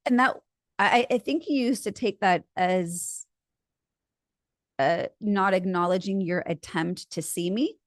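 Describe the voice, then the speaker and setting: A woman's voice: medium pitch, takes it slowly, dry recording, clean studio sound. A middle-aged woman co-hosting a couples therapy podcast, talking expressively with frequent restarts. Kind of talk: casual chat with role-play.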